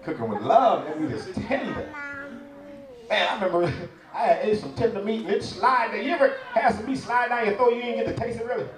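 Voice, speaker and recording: A man doing stand-up comedy, his voice swinging widely in pitch as he tells a playful story. He is miked from some distance in a roomy space, and a crowd laughs loudly around him. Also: animated, a little fast. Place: church event stage before a live audience.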